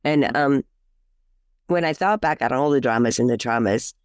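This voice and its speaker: A woman's voice: rumbling low, moderate pace, dry recording. A woman life coach, a podcast guest, talking in a chatty way with fillers and restarts, acting out the quotes in her stories. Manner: lively storyteller who acts out quotes. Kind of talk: casual interview talk.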